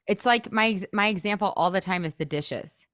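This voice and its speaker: A woman's voice: medium pitch, moderate pace, a bit bright, dry recording, studio quality. A woman in her thirties, a podcast host, coaching in a chatty, casual way, full of "like" and acted-out inner thoughts.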